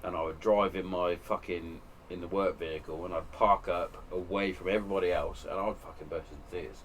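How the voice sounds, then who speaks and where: Deep-voiced Englishman speaking frankly. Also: fairly even intonation, fairly quick, slight background noise. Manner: frank, emotional, heavy swearing. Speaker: podcast host. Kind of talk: candid casual chat. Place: home shed.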